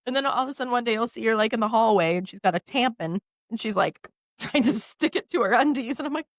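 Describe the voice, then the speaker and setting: A woman's voice: fairly high pitch, quick pace, dry recording. A woman, co-hosting a podcast in casual chat and acting out the voices in her stories. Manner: animated storyteller, acts out quoted voices. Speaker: podcast co-host.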